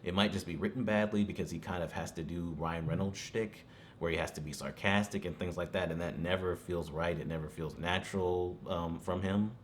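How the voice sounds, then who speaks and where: Man, very low voice, casual movie review, rambling, lots of "you know", faint hiss. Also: steady tone, a little fast. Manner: rambling, full of fillers like "you know", chuckles often.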